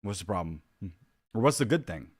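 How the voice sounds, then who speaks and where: A man's voice: lowish voice, very animated, brisk, no echo, clean studio sound. A man giving casual reaction commentary, rambling and restarting his sentences as he thinks aloud. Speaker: YouTube commentator.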